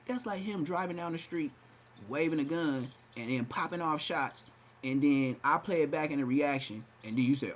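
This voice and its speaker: Brash, mocking man, pitched a bit high. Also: animated, moderate pace, a little hiss or hum. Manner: brash, mocking trash talk; hyped, shifts into exaggerated voices. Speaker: podcast host. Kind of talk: livestream commentary.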